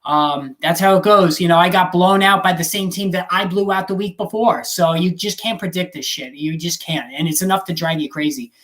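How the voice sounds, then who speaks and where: A man's voice: high voice, steady tone, brisk, few pauses, a bit bright. A man hosting a live fantasy football stream, answering chat questions in a blunt, casual way and swearing now and then. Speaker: fantasy football show host.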